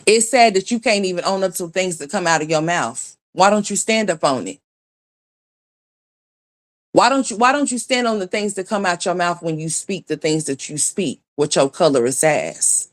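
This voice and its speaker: A woman's voice: lowish voice, animated, moderate pace. A woman hosting a livestream, delivering a blunt, scornful, profane commentary rant and greeting chat viewers by name as she goes. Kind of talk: ranting gossip commentary.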